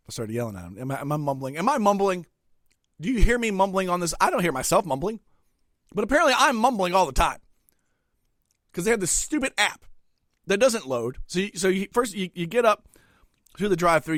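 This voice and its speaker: A middle-aged man rants crudely through a solo podcast, his fairly high voice swinging wildly between low grumbles and shrill outbursts. He chews and talks at once, and the sound is close and dry. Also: no echo. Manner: crude, profane ranting with sudden loud outbursts; eating while talking. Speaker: podcast host. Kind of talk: solo comedic rant.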